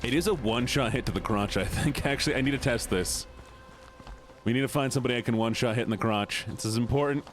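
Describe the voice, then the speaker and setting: A man streaming a game, commenting in an excitable, goofy, joking way. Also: mid-range voice, fast talker, faint music behind. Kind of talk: gaming livestream commentary.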